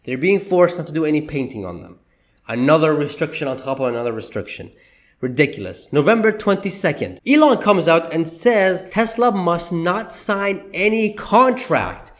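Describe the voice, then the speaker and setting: Fired-up male commentator with a high voice, indignant and exclaiming. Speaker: commentary vlogger. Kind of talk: opinion commentary.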